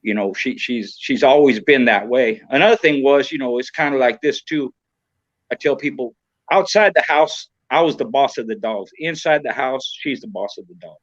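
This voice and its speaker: A man's voice: mid-range voice, normal speed, no room sound. A man around sixty, from Southern California, chatting casually as a podcast guest. He rambles frankly, swears freely and leans on "you know.". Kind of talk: casual chat. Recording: dull, lo-fi, dry sound.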